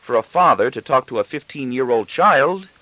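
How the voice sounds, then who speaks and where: Brief: sulky teen girl, put on by a male reader, high and whiny. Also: sing-song, unhurried, sharp tone, no echo, full character voice, rough recording. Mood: petulant. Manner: petulant. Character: petulant fifteen-year-old girl.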